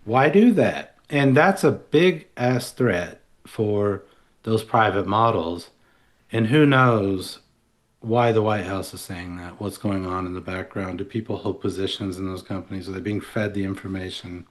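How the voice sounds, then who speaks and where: A man's voice: lowish voice, measured pace. A man co-hosting a podcast, talking in a loose, rambling way with restarts and asides. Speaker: podcast co-host. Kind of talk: casual analytical chat.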